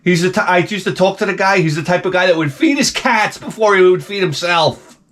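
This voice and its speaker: A man's voice: high-pitched, a little fast, a bit bright. A man in his forties giving a comedic monologue as a YouTuber, ranting with exaggerated outbursts. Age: 40s.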